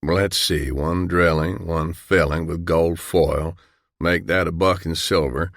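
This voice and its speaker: Man narrator playing a cheerful, low-voiced small-town dentist; matter-of-fact, dry studio read. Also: steady tone, takes it slowly, gravelly, fairly bright tone, no echo, heavily acted.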